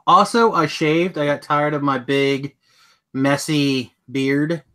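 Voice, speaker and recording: A man's voice: fairly high pitch, fairly even intonation, slow pace, sharp tone, smooth. A middle-aged man co-hosting a casual podcast chat, joking and rambling on a webcam call. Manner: joking, rambling, hums tunes. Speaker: podcast co-host. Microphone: webcam video call.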